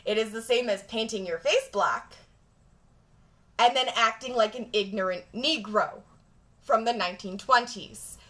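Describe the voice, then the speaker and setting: A woman from Jamaica speaks straight to camera with blunt, profane emphasis. Her voice sits a touch high. It has a bright, forceful edge. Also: a little slow. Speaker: vlogger. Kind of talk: direct-to-camera rant.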